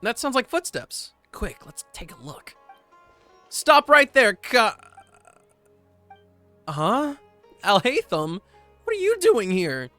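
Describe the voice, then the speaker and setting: A man voicing a tiny excitable female fairy companion in a strained falsetto head voice. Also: takes it slowly, pauses often, soft background music, heavily acted. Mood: alarmed.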